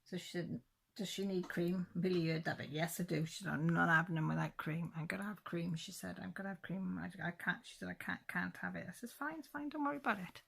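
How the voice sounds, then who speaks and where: A middle-aged woman from England chats through a long story in a low, gravelly voice. She talks casually and keeps quoting what everyone said. She often restarts her sentences as she goes. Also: level tone, brisk, a bit bright. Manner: chatty storytelling with many restarts and quoted dialogue. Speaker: crafting vlogger. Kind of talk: casual chat.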